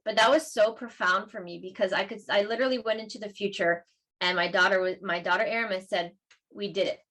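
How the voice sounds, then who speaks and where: A woman's voice: medium pitch, steady tone, fast, a bit bright. A woman guest talking casually and with emotion, telling a personal story at length. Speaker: guest, learning center founder. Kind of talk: casual chat.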